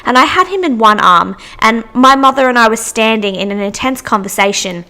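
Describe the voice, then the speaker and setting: A woman's voice: a little high, lively intonation, brisk, bright, forceful tone. A young woman hosting a podcast, chatting through anecdotes with frequent restarts. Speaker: podcast host. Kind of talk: casual storytelling monologue.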